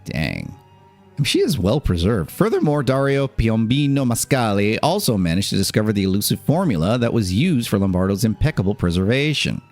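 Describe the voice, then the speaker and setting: A man's voice: on the low side, big pitch swings, a little fast, few pauses, darkish tone, soft background music. A man streamer reading an article aloud on a live stream, with casual asides and laughs in between.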